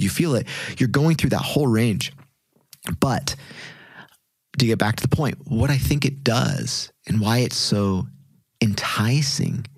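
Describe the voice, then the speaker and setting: A man's voice: mid-range voice, no echo. A man in his thirties, a podcast guest, talking in an earnest, reflective way with lots of fillers and restarts. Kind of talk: casual interview talk.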